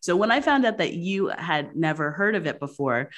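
A woman's voice: on the low side, lively intonation, moderate pace. A woman hosting a casual interview, talking in a chatty way full of "like". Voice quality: chatty, frequent "like" fillers. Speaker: podcast host.

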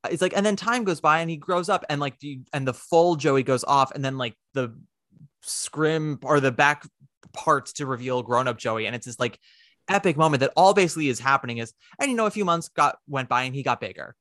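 A man's voice: on the high side, a little fast, fairly bright tone, dry recording, clean studio sound. A man co-hosting a casual chat about theater, rambling and joking, with a habit of putting on silly voices. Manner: rambling, jokey, swears, does silly voices. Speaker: podcast co-host.

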